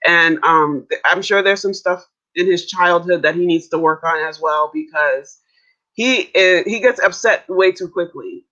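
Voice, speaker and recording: A woman joins the stream as a guest and shares her opinions with care. Her voice is bright and forward, though the audio comes through dull and lo-fi. She talks through her points in a casual way. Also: a little slow. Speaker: guest commentator. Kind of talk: casual reality TV commentary. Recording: muffled low-quality audio.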